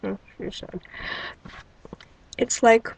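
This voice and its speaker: A woman's voice: takes it slowly, darkish tone, rough recording. A woman rambling into her webcam mic at home, wry and incredulous, firing off rhetorical questions. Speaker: vlogger. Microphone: built-in webcam mic.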